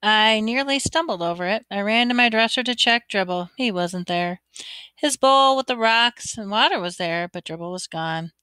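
A woman reading a children's storybook aloud in first person, expressive and lively. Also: medium pitch, moderate pace, clean tone, no room sound. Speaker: audiobook reader.

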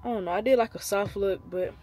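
A woman's voice: medium pitch, fast talker, noisy background. A woman of twenty talking casually to camera in a slangy, chatty, laid-back way, recorded on a phone or small camera held close. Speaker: vlogger. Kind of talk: casual vlog talk to camera.

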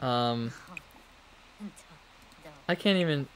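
A man's voice: mid-range voice, expressive, drawn-out words, a bit bright. A man giving casual, chatty commentary on his own gameplay, talking to the game characters and laughing often. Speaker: let's play gamer.

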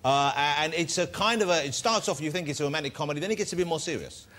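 Fast-talking male talk show host. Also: on the high side, pushed and bright. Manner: quick interjecting interviewer. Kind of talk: chat show interview.

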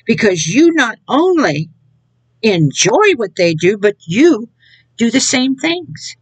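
In an informal sermon for an online audience, a woman speaks mockingly, laughing at her subject and scornfully acting out others' words. Her voice is on the high side and slightly rough, with big pitch swings and a slow pace. The audio has no echo but is rough.

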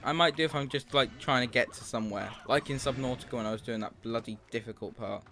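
A young man with a medium-pitched, bright, forceful voice talks quickly while hosting his stream. He's in an upbeat, talkative mood, narrating his gameplay and cursing freely over faint game music.

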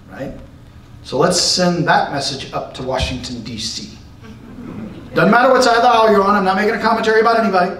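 A man giving a church lesson to his congregation, excitable and emphatic, sometimes shouting. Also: a little high, distant mic, a little hiss or hum. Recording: roomy echo, recorded from afar.

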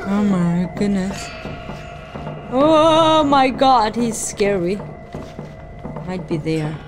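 Female let's-play streamer; slow, jumpy, exclaiming; game music mixed in. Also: medium pitch. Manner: jumpy, excitable, gasping and exclaiming. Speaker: gaming streamer.

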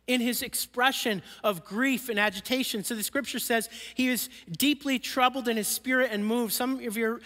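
High-voiced pastor preaching in a reverberant hall. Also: male voice. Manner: earnest, drops soft and slow for emphasis. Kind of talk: sermon. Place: church sanctuary.

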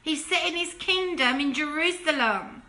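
Bright, forceful preachy woman. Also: normal speed. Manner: emphatic, preachy, full of rhetorical questions; drops to a hushed, low plea when urging repentance. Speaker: Christian video commentator. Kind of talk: impassioned direct-to-camera monologue.

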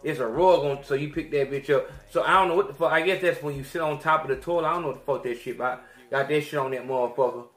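Profane, animated man storyteller. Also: fairly high pitch, fast, echoey room. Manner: profane, animated, swings between loud outbursts and mutters. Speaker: podcast host. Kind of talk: crude storytelling rant.

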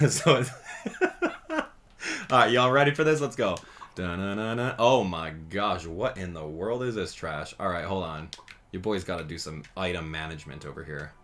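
A man giving casual gameplay commentary as a channel host, chatty and excitable, thinking out loud as he plays. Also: low-pitched, normal speed, slight background noise.

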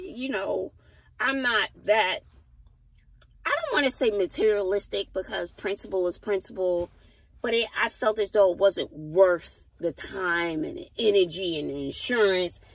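A woman's voice: mid-range voice, no echo, low-quality recording. A woman, a teacher, casually telling a story to her camera while sitting in her car, acting out what people said. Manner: animated storyteller, acts out quotes. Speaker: vlogger, schoolteacher.

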